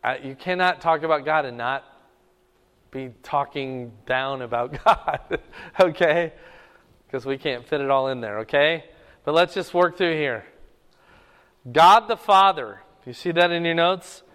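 Male Bible teacher, clear resonant voice, keeps checking in with the class. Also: a little high, measured pace, a bit bright, in a large hall.

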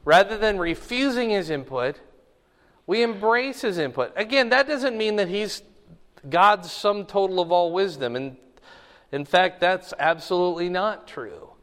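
Pastor, male, higher voice, teaching sermon, conversational, frequent check-ins, long hall reverb. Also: animated, a little slow, a bit bright. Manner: conversational, checks in with the congregation often.

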